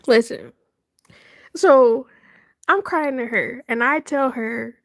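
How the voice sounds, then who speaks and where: A woman hosting a livestream, telling a story in casual chat, animated and laughing often with dramatic retelling. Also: sits high, measured pace, dry recording, clean studio sound. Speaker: livestream host.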